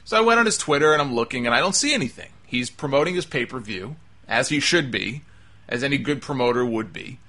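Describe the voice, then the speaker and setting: A man's voice: mid-range voice, animated, fast talker, sharp tone. A man hosting a talk show, delivering an emphatic, exasperated opinion monologue. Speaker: wrestling talk show host.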